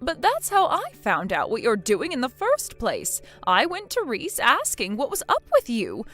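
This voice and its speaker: A woman's voice: on the high side, wildly swooping pitch, moderate pace, fairly bright tone, soft background music, exaggerated voice. A woman voicing a bossy, scornful middle-aged mother-in-law in a text-message drama, harsh and scolding.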